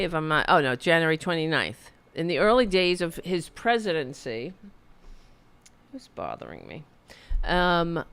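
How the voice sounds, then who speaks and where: A woman's voice: deep voice, fairly bright tone, smooth, no room sound. A middle-aged woman hosting a live political stream, ranting in a heated, profane, rambling way with frequent restarts. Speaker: political commentary host.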